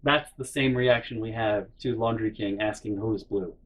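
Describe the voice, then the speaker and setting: Husky man telling a rambling comic story. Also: on the low side, normal speed, low-quality recording. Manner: animated, rambling, swears freely, mock-indignant asides. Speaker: storytelling vlogger. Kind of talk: casual comedic storytelling.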